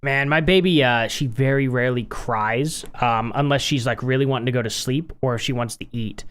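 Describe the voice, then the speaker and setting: A man co-hosting a podcast, talking about everyday life as a father. He laughs often and keeps a relaxed, conversational tone. His voice sits at an ordinary middle pitch. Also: fairly quick, smooth. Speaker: podcast co-host. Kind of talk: casual chat.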